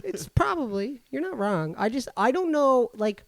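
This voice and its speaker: A man's voice: extremely high pitch, sing-song, moderate pace, creaky, no room sound. A man on a casual podcast, playfully hedging and downplaying his friend's story. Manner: laid-back, hedging, playful. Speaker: podcast co-host.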